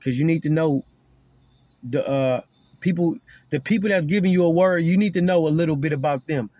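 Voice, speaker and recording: A man's voice: fairly high pitch, a little fast, darkish tone, no echo. Emphatic man preaching, dry sound. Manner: emphatic, repeats words as he restarts; repeats key lines for emphasis. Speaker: self-described prophet. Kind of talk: preaching to camera.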